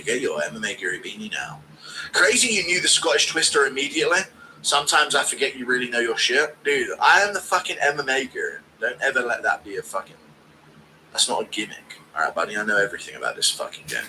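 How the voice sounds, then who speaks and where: Guy streaming, swears a lot, jokes, reads donos, sharp bright voice, pitch all over. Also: very animated, fast, a little hiss or hum, poor audio. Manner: crude, joking, reading donations. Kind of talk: casual watch-along chat.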